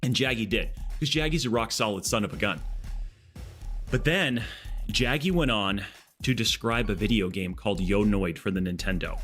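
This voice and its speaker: A man's voice: lowish voice, moderate pace, a bit bright, soft background music. A man from Arizona chatting casually on a live game stream, rambling and tagging his sentences with "okay?".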